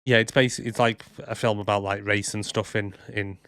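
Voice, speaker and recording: A man's voice: fairly low pitch, level tone, fairly quick, a bit bright, no echo. Rambling man, dry sound. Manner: rambling with many fillers. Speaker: podcast co-host. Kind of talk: casual chat.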